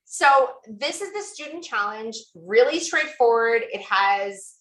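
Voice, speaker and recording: A woman's voice: fairly high pitch, animated, unhurried, echoey room, crowd noise, rough recording. A woman presenting a tool demo over a video call, chatty and gushing, with many fillers. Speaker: guest presenter.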